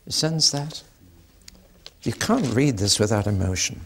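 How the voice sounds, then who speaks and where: Guy preaching a sermon, earnest and expressive, gravelly voice. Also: mid-range voice, measured pace, a little hiss or hum. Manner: earnest, expressive scripture teaching.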